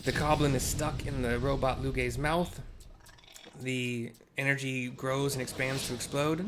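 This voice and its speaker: A man casually narrating game cutscenes out loud as he plays, chatty, with fillers and self-corrections. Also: medium pitch, level tone, measured pace, a little hiss or hum. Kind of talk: casual live audio description of game cutscenes.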